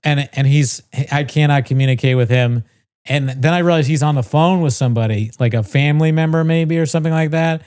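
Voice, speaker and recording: A man's voice: a little high, brisk, darkish tone, clear, resonant tone. A man co-hosting a podcast, casually telling a long story, swearing freely and mimicking the people in it. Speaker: podcast co-host.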